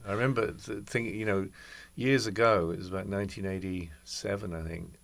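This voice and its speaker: A man in his sixties speaks as an interview guest, his low voice carrying a gravelly rasp. He muses and tells stories at an easy, reflective pace. His talk wanders through memories in a thoughtful way. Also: fairly even intonation, a little fast, a bit bright. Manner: reflective, anecdotal storyteller. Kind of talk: conversational interview.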